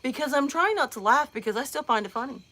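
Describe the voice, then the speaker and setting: A mother hosting a live show, telling a comic story in a lively, chatty way with lots of fillers. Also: high-pitched, fast talker. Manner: animated, many "like" fillers, acts out voices.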